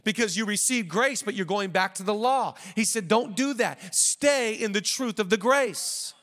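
Male pastor, high voice, playful punchy sermon, repeats lines for emphasis, long hall reverb. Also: moderate pace. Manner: lively preaching with joking asides.

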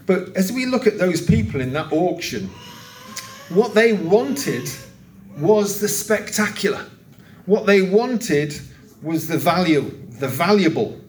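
A man preaching a sermon, telling a long story and acting out its voices with raised pitch. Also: very animated, slow, a little hiss or hum. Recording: roomy, distant church recording.

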